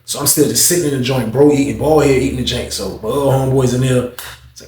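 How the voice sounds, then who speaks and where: A young man rattles through a casual story at a quick clip, his voice at a middle pitch. He talks in loose slang, rambles, and acts out what others said. The sound is roomy and echoey. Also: steady tone, darkish tone, slight background noise. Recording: echoey room.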